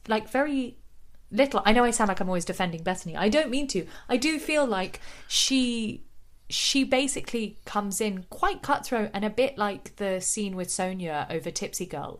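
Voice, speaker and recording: A woman co-hosting a podcast, chatting casually and recapping scenes with lots of "like". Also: medium pitch. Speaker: podcast co-host. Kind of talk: casual chat.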